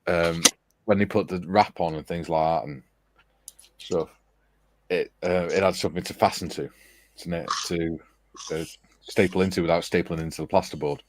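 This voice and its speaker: This man's voice is deep and somewhat dark, his intonation fairly even, his speed normal, with frequent pauses. As host of a relaxed chat about model building, he wanders through a long-winded story, restarting now and then and laughing a lot along the way.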